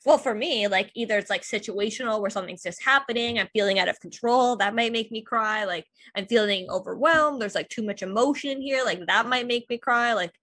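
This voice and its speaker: Young woman on a podcast, kinda high voice, super chatty, says like a lot, laughs easy, dry sound. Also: a little fast, few pauses, a bit bright, no room sound. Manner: chatty, fills speech with "like", laughs easily. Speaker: podcast guest. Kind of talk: casual conversation.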